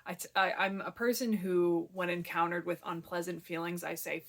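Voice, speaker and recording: A young woman talking candidly to her camera at home in a personal vlog, emotional and halting, at times tearful and out of breath. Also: lowish voice, flat delivery, gravelly, a bit bright. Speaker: vlogger. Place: home, kitchen and living room.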